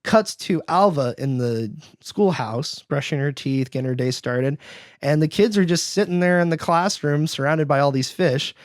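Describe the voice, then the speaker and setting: A man with a slightly high voice recaps an animated film in a loose, chatty podcast style. He bursts into excited character voices as he retells scenes. The recording is close and dry, with no room sound. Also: normal speed, no room sound. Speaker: podcast host.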